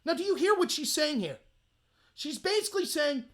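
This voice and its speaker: A man hosting a political commentary show, reading out a hearing transcript with sarcastic, mocking remarks and bursts of loud outrage. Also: very high-pitched, very animated, normal speed. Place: home room lit by window.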